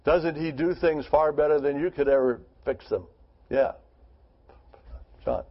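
A man's voice: on the high side, measured pace. Man leading a bible study, earnest, reads scripture then chats it over, kinda muffled lo-fi sound. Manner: earnest, asks rhetorical questions. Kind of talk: scripture reading and group discussion.

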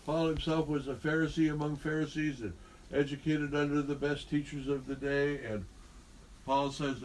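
A man's voice: a little high, flat delivery, moderate pace, a little hiss or hum. A man leading a group Bible study, talking conversationally and quizzing the group with questions.

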